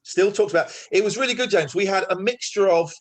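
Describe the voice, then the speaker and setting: A man's voice: sits high, a little hiss or hum. A man hosting a casual meeting over a video call, joking and teasing the other people taking part. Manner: jokey, quick to tease. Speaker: host running a monthly production meeting.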